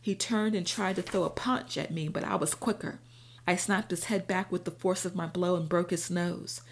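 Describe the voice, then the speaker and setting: Low, gravelly woman narrating an audiobook. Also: fairly even intonation, normal speed. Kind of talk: first-person audiobook narration.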